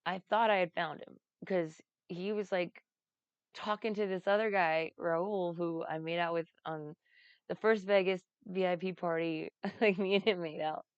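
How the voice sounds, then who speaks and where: A woman's voice: lowish voice, steady tone, measured pace, clear, resonant tone, dry recording, muffled recording. A woman telling casual, rambling stories, laughing often and swearing freely. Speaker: vlogger recounting a comedy festival. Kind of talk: casual storytelling.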